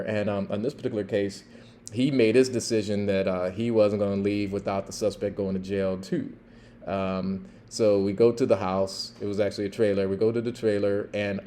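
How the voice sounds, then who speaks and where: A middle-aged man, a former police officer hosting a podcast, tells stories in a relaxed, chatty way with lots of fillers. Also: on the low side. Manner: relaxed and chatty with many fillers, laughing at his own story. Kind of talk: casual storytelling.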